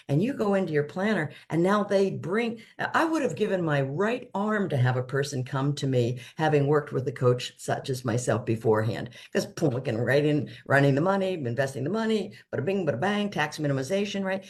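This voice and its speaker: A woman's voice: low voice, a little mellow. An older woman, a financial planner, explaining money matters in a casual video chat, emphatic and fond of playful catchphrases.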